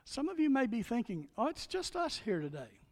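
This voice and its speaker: A man with a high voice preaches a sermon from the pulpit. He surges into loud, driving calls and then sinks to hushed, earnest appeals. His voice rings with the long reverb of a large church hall. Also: wildly swooping pitch, a little fast. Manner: dynamic preaching, swings from shouts to hushed appeals. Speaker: pastor.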